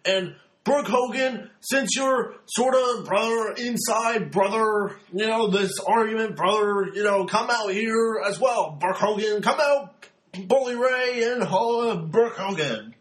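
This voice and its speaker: A man's voice: high-pitched, roomy sound, pitched above the performer's own voice, rough recording. A man doing an impression of a rambling older male wrestling showman, drawn out and blustery, repeatedly calling people brother. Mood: blustering. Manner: drawn-out blustery delivery, calls everyone brother.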